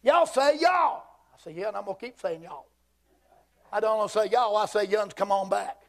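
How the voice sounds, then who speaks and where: A Southern man in his fifties preaching a fiery, folksy church sermon, swinging between shouts and hushed asides. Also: high voice, fairly even intonation, fairly quick, creaky. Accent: Southern American. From Southern United States. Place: church sanctuary.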